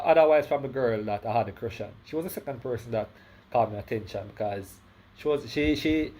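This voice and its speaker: Slightly rough and a little mellow, this medium-pitched male voice belongs to a Jamaican vlogger with a slight lisp. Sharing a personal story casually, he wanders, stops to fix what he said, and tosses in "right?" again and again.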